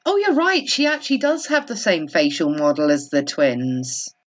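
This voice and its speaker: Wry woman with a lowish voice. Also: normal speed. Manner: wry, sarcastic humour. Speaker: podcast co-host. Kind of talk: casual chat recapping a book.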